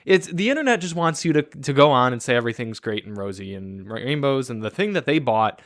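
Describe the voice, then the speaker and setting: Guy cohosting a car podcast, mid pitch, relaxed but opinionated, dry sound. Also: dry recording. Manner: easygoing, opinionated, drawn-out. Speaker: podcast co-host. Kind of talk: casual chat.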